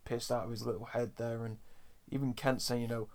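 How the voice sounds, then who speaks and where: A man's voice: mid-range voice, flat delivery, a little fast, darkish tone. A young man, hosting a casual, rambling podcast chat and playfully acting out quotes. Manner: rambling, filler-heavy, playfully acts out quotes. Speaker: podcast host. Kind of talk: casual chat reviewing a cartoon episode.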